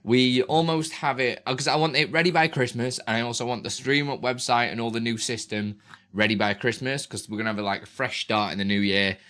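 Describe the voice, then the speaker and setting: A man's voice: medium pitch, steady tone, a little fast, bright, forceful tone. A British man chatting casually on a live stream from his small home room at a close desk mic. He is playful and laughs often, and slips into sing-song baby talk. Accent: British English. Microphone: desk microphone close up.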